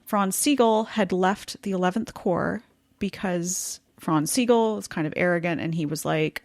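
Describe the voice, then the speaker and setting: A woman's voice: lowish voice, measured pace, dry recording, studio quality. A woman co-hosting a casual history podcast, chatty and laughing easily as she explains events. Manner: chatty, laughing, reads quotes aloud. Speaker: podcast co-host.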